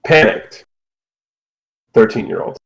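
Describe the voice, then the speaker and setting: A man's voice: takes it slowly, rough recording. Man running a tabletop game. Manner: relaxed, rules-focused, playful asides. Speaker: game master.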